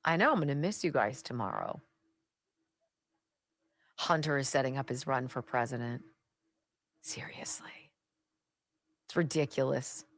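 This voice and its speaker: A woman's voice: extremely low pitch, animated, moderate pace, pauses often. A woman hosting a talk radio show, giving sarcastic political commentary and chatting with her live audience. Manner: sarcastic and chatty, drops to asides.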